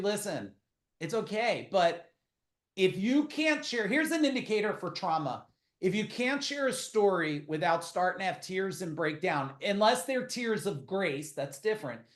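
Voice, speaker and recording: A middle-aged man, a podcast guest, tells blunt, profane stories in casual interview talk, full of quick asides. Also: high voice, echoey room.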